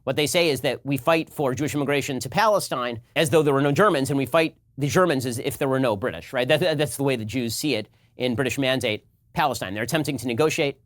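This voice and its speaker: A male political commentator in a played clip, lecturing in a brisk, assertive way. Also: medium pitch, dry recording, clean studio sound.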